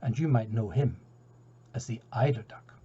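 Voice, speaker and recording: A man's voice: medium pitch, animated, moderate pace, warm tone, slightly rough. A Scottish man telling a folk tale aloud in a chatty way, with asides to his listeners. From Scotland. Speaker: storyteller. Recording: dull lo-fi recording.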